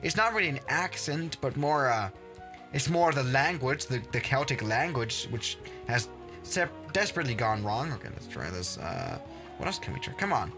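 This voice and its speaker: A man's voice: mid-range voice, lively intonation, normal speed, music in the background. A man hosting a livestream and commenting casually on his game, rambling and exasperated, with mild swearing. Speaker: livestream host.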